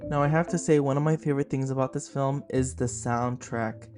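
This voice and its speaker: A young man in his twenties hosts a laid-back podcast and enthuses about a favorite film. His voice sits at a middle pitch, and his talk is loose and filler-heavy. Soft guitar music plays faintly behind him. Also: steady tone, brisk. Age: 20s. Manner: chatty and gushing, with frequent "like" fillers. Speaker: podcast host. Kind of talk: casual film review podcast.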